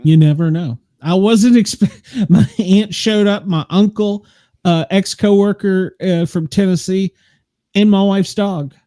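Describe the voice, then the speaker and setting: A man's voice: high-pitched, a little slow, mellow, dry recording, clean studio sound. An older man hosting a chat show, telling rambling stories and laughing often. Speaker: podcast host. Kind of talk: casual chat.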